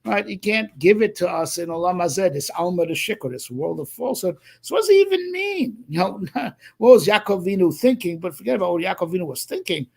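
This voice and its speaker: A man's voice: high-pitched, animated, fast, vocal fry, breathy edge. A man teaching a Torah class as a rabbi, thinking aloud with many restarts and asides. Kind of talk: Torah class, explaining a text.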